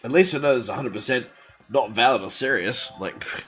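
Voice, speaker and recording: A man's voice: mid-range voice, a little fast, slightly rough, faint music behind. A man chatting casually on a gaming livestream, rambling and joking as he plays. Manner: animated, rambling and jokey. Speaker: gaming streamer.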